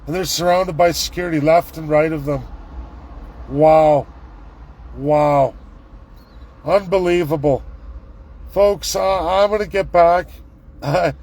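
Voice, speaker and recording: A middle-aged man, live-vlogging from a city street on his phone, ranting and repeating excited exclamations. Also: high voice, rough recording. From Canada. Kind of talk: live street vlog commentary. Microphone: handheld phone camera.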